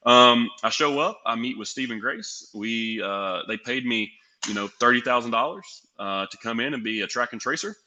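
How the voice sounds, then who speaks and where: Young guy from tennessee, really bright voice, talks a lot, acts out the dialogue as he goes. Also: mid-range voice, moderate pace. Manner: animated, acts out quoted dialogue. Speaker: guest, pro wrestler and sales executive. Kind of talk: storytelling in a podcast interview.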